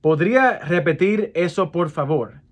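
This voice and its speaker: A man giving a casual language lesson, repeating each phrase slowly and correcting himself with fillers. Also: on the high side, lively intonation. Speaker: Spanish phrase teacher.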